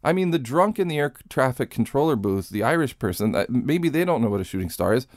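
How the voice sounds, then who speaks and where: A man's voice: mid-range voice, big pitch swings, quick pace, darkish tone, dry recording, clean studio sound. A man hosting a podcast in casual commentary style. He sounds sarcastic and incredulous, and he swears freely. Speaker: podcast host.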